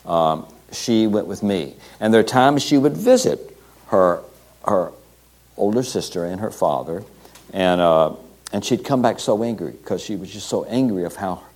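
Low-voiced man telling a sermon story. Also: a little mellow. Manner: halting, many fillers and restarts, quoting scripture. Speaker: preacher.

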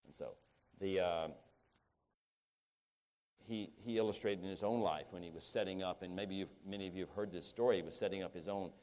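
A middle-aged man preaching a sermon, halting and restarting often, then rising to emphatic peaks. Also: sits low, a little mellow.

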